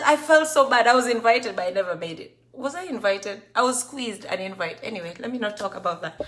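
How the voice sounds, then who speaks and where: Slightly high and a little fast, with lively intonation and a bit of brightness, the Kenyan-accented host chats through a casual live video. She reads viewer comments aloud and blends Swahili into English, with a little hiss or hum in the audio.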